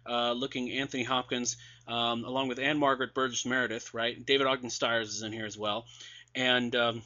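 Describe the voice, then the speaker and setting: A man's voice: medium pitch, flat delivery, fairly quick, pushed and bright, muffled recording. A man casually reviewing new releases with sarcastic asides and many fillers and restarts, his voice wearing out. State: losing his voice. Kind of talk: casual podcast commentary.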